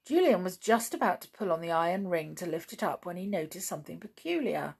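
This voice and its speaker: A woman reading a children's adventure book aloud as a storyteller, with animated, expressive delivery. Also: lowish voice, fairly quick, creaky, husky.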